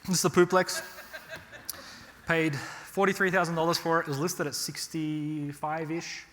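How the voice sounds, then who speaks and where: This man from Australia speaks at a moderate pace in a voice on the high side, with slight background noise behind him. Addressing a live real estate workshop audience, he tells animated stories and leans on a rhetorical "right?", in a hall-reverb recording.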